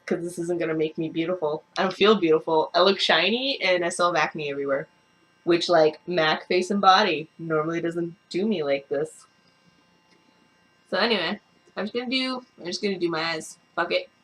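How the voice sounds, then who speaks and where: A woman's voice: lowish voice, moderate pace, fairly bright tone. Profane ranting young woman vlogger. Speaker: beauty vlogger. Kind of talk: casual makeup review.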